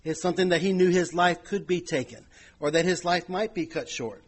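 A man delivers a sermon in an easygoing, conversational way. His voice is husky and sits a little high for a man. He talks to his congregation directly, pushing phrases louder and then letting them fall quiet. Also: brisk. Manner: conversational preaching with many "you know" asides, swelling and dropping in volume. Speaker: preacher.

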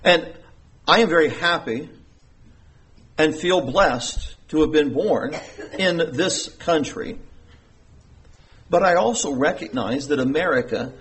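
A man's voice: a little high, slow pace, long pauses, fairly bright tone. A middle-aged pastor preaching an earnest sermon, with emphatic rises in his voice.

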